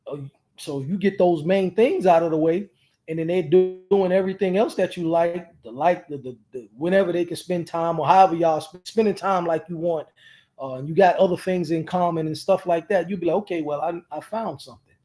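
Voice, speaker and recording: A man's voice: fairly high pitch, brisk, dark tone. A man co-hosting a casual chat with his partner, telling stories animatedly with lots of restarts and colloquial speech. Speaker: co-host.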